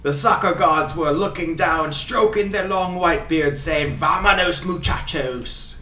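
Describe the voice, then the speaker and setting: A man's voice: a little high, unhurried, bright, forceful tone, soft background music. A man doing a fake Scottish accent as a flowery, over-the-top soccer commentator, with theatrical delivery. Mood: gushing. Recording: echoey room, mic at a distance.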